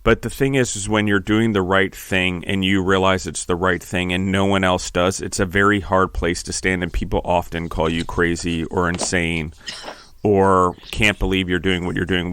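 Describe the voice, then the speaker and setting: A middle-aged man speaking earnestly and reflectively in an interview, often pausing and restarting his phrases. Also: low-pitched, level tone, fairly bright tone, smooth. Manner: earnest, halting, restarts phrases, gets emotional. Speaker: podcast host.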